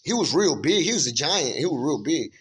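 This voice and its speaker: Man, slightly high voice, faint noise behind; earnest rambling testimony, lots of restarts. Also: sing-song, a little fast. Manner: earnest, rambling, many restarts and "you know what I'm saying"; emphatic, informal storytelling. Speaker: speaker recounting a spiritual vision. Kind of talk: casual spoken testimony.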